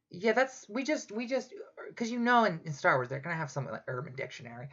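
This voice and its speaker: Speaking quickly, with big swings in pitch, a lowish-voiced woman hosts a show and delivers a sarcastic, rambling, profanity-laced comedic rant. The sound is a dull lo-fi home recording.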